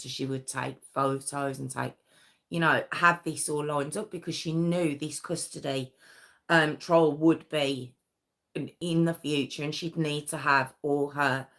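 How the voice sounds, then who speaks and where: British woman chatting through a true crime case, earnest, slow and low. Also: fairly even intonation, vocal fry, fairly bright tone. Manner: conversational, earnest, with fillers and restarts. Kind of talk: casual true crime narration.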